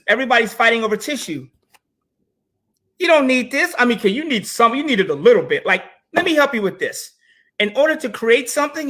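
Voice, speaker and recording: A man with a bright, forceful voice, talking casually about money. He tells stories in an animated way and drops joking asides as he goes. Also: extremely high pitch. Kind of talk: casual chat on investing.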